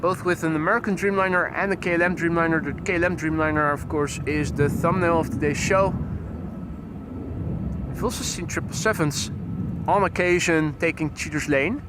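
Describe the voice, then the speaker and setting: A fairly high-pitched man calls out departing flights on a live plane-spotting stream. He mixes registration details with dry little jokes. He is outdoors by the runway, with a faint hum of outdoor ambience behind him. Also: fairly even intonation, normal speed. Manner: wry, joking asides between flight details. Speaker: plane-spotting livestream host. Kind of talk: live aviation commentary.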